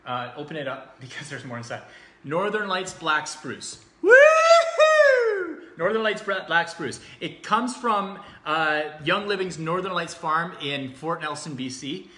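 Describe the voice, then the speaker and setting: A man chatting casually and cheerfully through a product walkthrough, joking and filling pauses with ums. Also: a little high, pushed and bright. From Canada. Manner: chatty, upbeat, jokey, with frequent fillers. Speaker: vlogger reviewing essential oils. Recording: echoey room.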